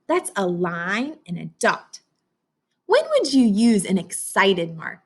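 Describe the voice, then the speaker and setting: A woman's voice: mid-range voice, big pitch swings, takes it slowly, breathy edge. A woman teacher giving a read-aloud phonics lesson to young children, encouraging them and talking to them as if they could answer. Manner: sing-song, encouraging, talks to kids as if they can answer.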